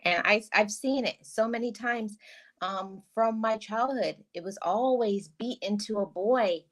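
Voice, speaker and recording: An earnest woman hosting a podcast, talking things through in a relaxed, conversational way. Her voice sits at a middle pitch, and she often stumbles over the opening words of a thought before finding her point. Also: a little slow. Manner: earnest, repeats words when starting a thought. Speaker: podcast host.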